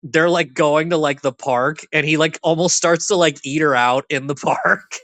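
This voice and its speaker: A man's voice: on the high side, normal speed, fairly bright tone, dry recording. A young man co-hosting a podcast, casually recounting movie scenes and acting out the characters' lines. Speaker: podcast co-host. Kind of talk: casual chat.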